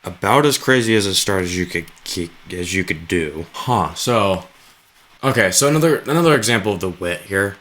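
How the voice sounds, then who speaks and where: A man's voice: low-pitched, lively intonation, normal speed, a bit bright. A man giving sarcastic, rambling reaction commentary on video clips and swearing freely.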